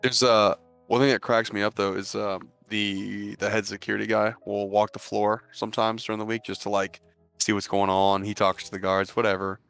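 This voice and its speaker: A young man who works as a security dispatcher, chatting casually with friends and telling profane, animated stories with frequent laughs. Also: fairly low pitch, normal speed, creaky, smooth, soft background music. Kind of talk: casual podcast chat.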